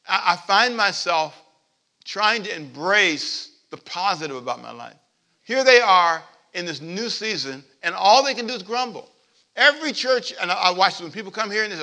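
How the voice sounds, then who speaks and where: A male pastor preaching a sermon in church, swinging from loud emphatic points to quiet asides and calling on the congregation to repeat after him. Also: high-pitched, brisk, vocal fry. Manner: lively preaching with call-and-response to the congregation.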